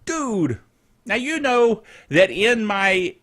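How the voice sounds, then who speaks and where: High, lively chatty man. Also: slow pace. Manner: chatty, rambling, chuckling asides. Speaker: tech news host. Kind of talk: casual tech news chat.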